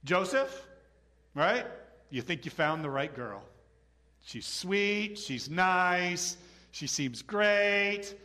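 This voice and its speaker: With a high-pitched voice, a middle-aged pastor delivers a lively, conversational sermon, frequently performing the voices of the people he quotes.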